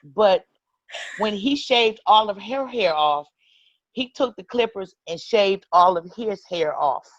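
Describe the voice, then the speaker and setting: A woman hosting a casual chat, telling stories in an expressive, emotional way. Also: mid-range voice, slow pace, no room sound, highs cut off. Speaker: host.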